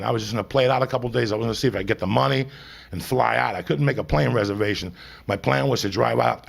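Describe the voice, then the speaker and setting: A man telling a profane stand-up story, animated and loud at times, with a gravelly, husky voice. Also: lowish voice. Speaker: stand-up comedian.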